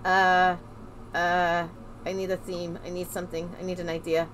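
A woman's voice: lowish voice, level tone, moderate pace, noisy background. A woman streaming a game as a VTuber, chatting playfully and muttering to herself while she draws. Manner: playful, goofy, talks to herself while drawing.

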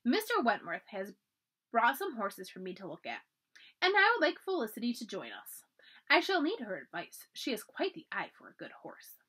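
A woman voicing a kindly, courteous old grandfather in a storybook reading, speaking in a polite, measured way. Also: on the high side, huge pitch swings, pushed and bright, husky, full character voice.

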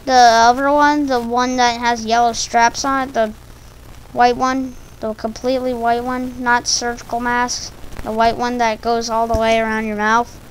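High-voiced woman rambling slowly. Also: flat delivery, slight background noise, poor audio. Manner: silly, rambling, stumbling over words. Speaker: video creator. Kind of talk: rambling casual monologue.

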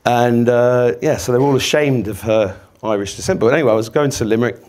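A man's voice: medium pitch, fast talker, a little mellow. A man, giving a sweary, rambling, self-mocking comic talk to a live audience. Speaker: podcast host giving a talk.

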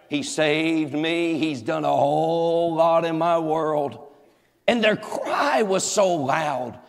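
A pastor preaching a sermon, folksy and joking, with emphatic repetition. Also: male voice, a little high, measured pace. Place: large church hall. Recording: echoey church hall.

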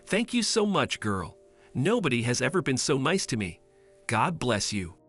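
Man playing a humble old homeless man, polite, grateful, lively pitch. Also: moderate pace, soft background music.

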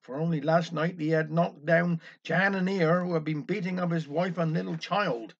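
A man's voice: fairly high pitch, steady tone, normal speed. A man with a Cornish accent telling a wry village dialect story. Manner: wry, anecdotal. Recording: dull lo-fi recording.

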